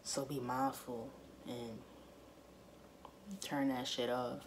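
A woman's voice: rumbling low, little pitch movement, slow, a little hiss or hum. A woman vlogger in a casual to-camera monologue, speaking emphatically and repeating her points straight to her viewers.

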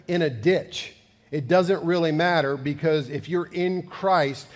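Male pastor delivering a sermon; higher voice, reverberant sanctuary. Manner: conversational, builds to fervent emphasis. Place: church sanctuary.

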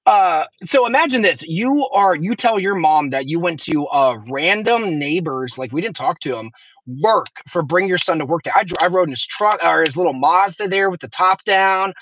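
A man in his thirties telling a long story in a casual chat, animated and full of swearing. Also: high-pitched, moderate pace, a little hiss or hum. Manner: animated, profane, rambling.

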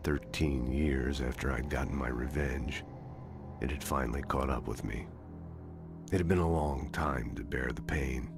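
An actor playing a weary hard-boiled detective narrating a grim noir monologue in a video game. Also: male voice, very deep voice, steady tone, measured pace, vocal fry, music in the background, exaggerated voice.

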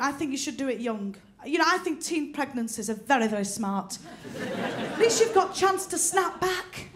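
Woman doing stand-up, high voice, deadpan jokes, audience laughing loud behind her. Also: very noisy. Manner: deadpan punchlines, quick character voices. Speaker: stand-up comedian. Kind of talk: stand-up comedy routine. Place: comedy venue with live audience. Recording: live audience laughter, stage mic.

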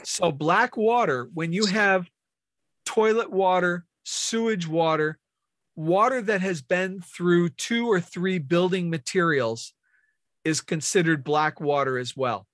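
A man's voice: high-pitched, slow, fairly bright tone, no room sound, studio quality. A man leading a team training meeting, explaining step by step and asking questions of the room.

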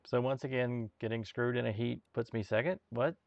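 A man's voice: medium pitch, fairly even intonation, moderate pace, creaky. A man streaming his sim racing, chatting casually with friends over a voice call and dropping wry, dry asides. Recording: muffled lo-fi mic with loud keyboard clicking.

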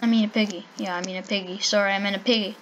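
A woman giving playful, excitable commentary while playing a survival game, calling out to animals in sing-song baby talk. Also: medium pitch, rapid-fire, muffled recording, slight background noise. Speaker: gaming channel host.

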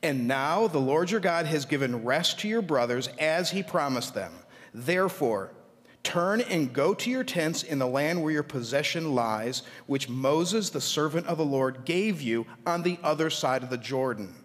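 A male pastor preaching a sermon, reading scripture aloud with lively asides. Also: fairly high pitch, measured pace. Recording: long hall reverb.

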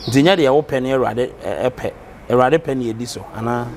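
A man's voice: medium pitch, fast, creaky, darkish tone. Ghanaian guy interviewing, lots of okays, mid voice, bit of background noise. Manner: brief acknowledgments, probing questions. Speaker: interview host.

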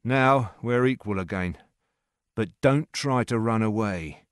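Man playing a firm loud captain, earnest, lowish voice, dry close sound. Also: takes it slowly, no echo. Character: bold male captain, firm and protective.

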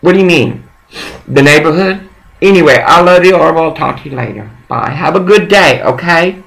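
A middle-aged man with a gravelly, fry-laden voice pitched a bit high for a man. He rambles through a one-sided phone call in a coaxing, profane way. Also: lively intonation, a little fast, a bit bright. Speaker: caller.

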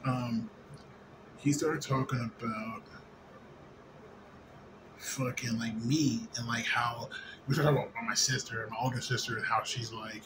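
A man's voice: mid-range voice, steady tone, a little slow, pauses often. A slightly drunk man in a rambling, profane late-night monologue, full of fillers and restarts. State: a little drunk. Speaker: vlogger. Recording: noisy ambience behind voice.

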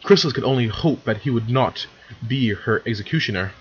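A man's voice: mid-range voice, animated, a little fast, highs cut off, slight background noise. A man casually reading fan fiction aloud, stumbling over words and correcting himself as he goes. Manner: stumbling, self-correcting, chatty asides. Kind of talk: casual read-along narration.

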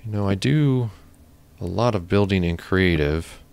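A man's voice: sits low, measured pace, creaky, a little mellow, smooth. A man hosting his own gaming channel, chatting casually and thinking aloud while he builds. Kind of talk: casual gameplay commentary.

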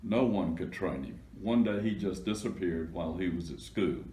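A man voicing a knowing young girl classmate in a slow storybook reading. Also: sits low, animated, warm tone, distant mic. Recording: echoey room.

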